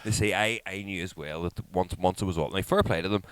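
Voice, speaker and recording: Man, lowish voice, dry close sound, animated, swears a lot. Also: fast talker, clear, resonant tone, dry recording, low-quality recording. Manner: animated storyteller, swears a lot, acts out quotes in high voices. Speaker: podcast co-host. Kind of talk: casual chat.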